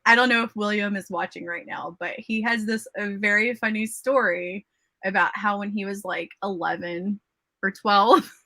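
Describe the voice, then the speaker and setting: A woman's voice: mid-range voice, normal speed, bright, forceful tone, no room sound. A woman in her thirties hosting a casual writing livestream, chatty and nostalgic, laughing often. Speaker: livestream host.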